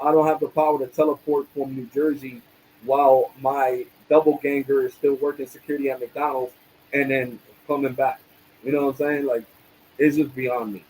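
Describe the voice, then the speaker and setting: A man's voice: medium pitch, darkish tone, slight background noise, rough recording. A man ranting angrily on his livestream, swearing often and using casual streetwise slang. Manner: angry, profane ranting.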